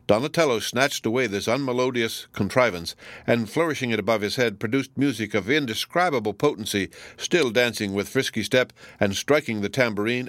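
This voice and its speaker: A man reading a novel aloud as an audiobook narrator, with measured, even delivery. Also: lowish voice, dry recording. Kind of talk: scripted narration.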